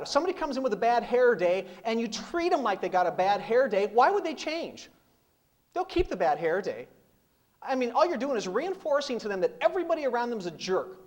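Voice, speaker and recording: A middle-aged man addresses a seminar room full of people. His delivery is emphatic, built on rhetorical questions and repeated one-word punchlines. His pitch rises and falls freely, keeping the talk lively. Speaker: business speaker.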